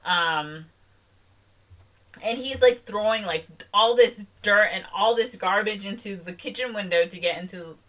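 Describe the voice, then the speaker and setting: A young woman co-hosts a podcast, retelling a film in casual, chatty, rambling talk full of "like" and "um." Her voice is mid-range, unhurried and a bit bright.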